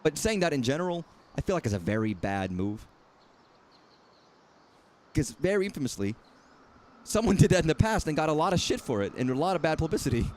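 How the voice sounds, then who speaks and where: A man's voice: fairly high pitch, sing-song, fairly quick, pauses often, darkish tone, slight background noise. A man casually commenting while playing a game, talking in a rambling, self-correcting, wry way. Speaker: streamer.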